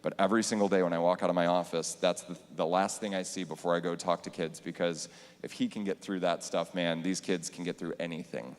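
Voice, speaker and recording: A man's voice: sits low, steady tone, brisk. A man who teaches band, earnestly telling a story on a church panel and acting out the quotes. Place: church sanctuary. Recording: hall reverb.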